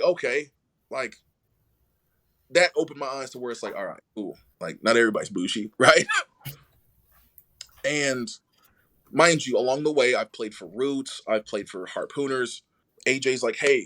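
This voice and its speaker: A young adult man, a podcast guest, telling his own story casually and acting out what others said in lively voices. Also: medium pitch, normal speed, long pauses.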